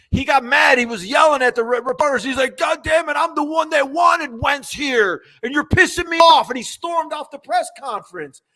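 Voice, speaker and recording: An older man co-hosting a casual sports talk show, ranting in an animated, mocking way. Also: very high voice.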